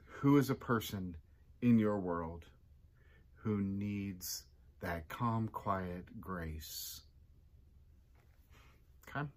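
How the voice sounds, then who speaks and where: This pastor talks extremely slowly and pauses often during a relaxed, conversational devotional. Whenever he voices a quote, his pitch jumps abruptly.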